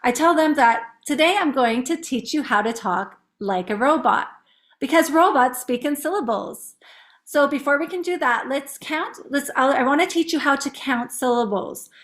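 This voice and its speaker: Chatty woman teacher explaining a classroom game, upbeat, kinda high voice. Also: lively intonation, a bit bright. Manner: chatty, upbeat, demonstrates words slowly in syllables. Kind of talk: casual teaching demo.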